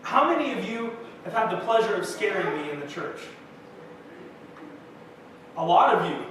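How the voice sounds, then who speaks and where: Preaching at normal speed, a young pastor with a high, fairly bright voice swings widely in pitch as he tells his congregation casual stories at his own expense. The sermon, given in a church sanctuary, is recorded from a distance in the echoing hall with faint noise.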